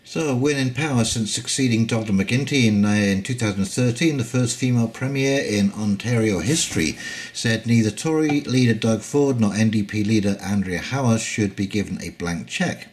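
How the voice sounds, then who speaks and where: A man's voice: fairly low pitch, normal speed, a little mellow. A man giving casual, opinionated political commentary with many hesitations.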